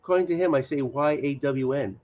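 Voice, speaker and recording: A man with a Boston accent in a casual chat, animated and insistent, often repeating himself. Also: mid-range voice, a little fast, highs cut off.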